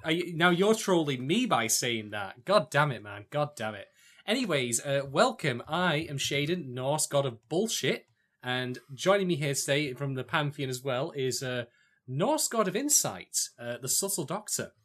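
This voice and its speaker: A man hosting a casual podcast, teasing and animated, who swears freely. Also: on the high side, normal speed. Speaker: podcast host.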